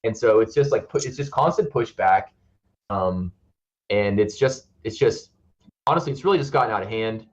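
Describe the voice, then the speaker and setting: Animated man on a slightly muffled call. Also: lowish voice, normal speed. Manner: animated storyteller, acts out others' lines. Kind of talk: casual chat.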